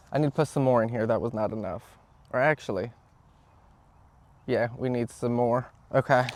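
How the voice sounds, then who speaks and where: A young man chatting casually outdoors as he repots plants, excitable and quick to exclaim at things around him. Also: medium pitch. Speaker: vlogger. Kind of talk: casual chat while gardening. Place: outdoors, yard.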